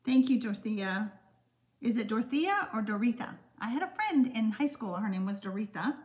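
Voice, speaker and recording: A woman's voice: a little high, animated, normal speed, darkish tone. A woman in her sixties hosting a live-stream craft demonstration, chatty and friendly, with lots of "um" fillers. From Texas, USA. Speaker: card-making host.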